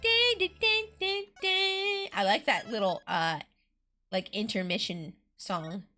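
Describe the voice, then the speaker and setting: Bubbly high-voiced woman streamer. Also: animated, slow, bright, forceful tone, faint music behind. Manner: chatty and playful. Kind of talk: casual game-stream commentary.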